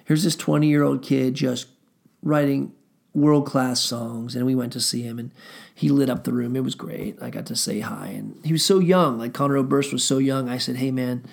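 Gravelly middle-aged guy, musician, rambling loose storytelling, lots of ums. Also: mid-range voice, fairly even intonation, moderate pace. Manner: rambling, frequent fillers and swearing. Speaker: musician telling stories. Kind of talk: casual storytelling.

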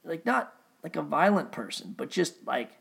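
Creaky-voiced man rambling casually. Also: on the high side, sing-song, normal speed, fairly bright tone. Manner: rambling and profane, with frequent restarts.

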